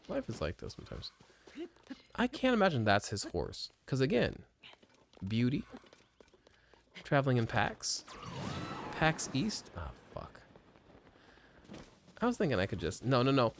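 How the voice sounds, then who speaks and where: A man's voice: medium pitch, wildly swooping pitch, measured pace, vocal fry, long pauses, a little hiss or hum. A man giving casual gameplay commentary at a home desk mic, rambling and profane, mocking himself and jumping between mutters and exclamations. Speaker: let's play streamer.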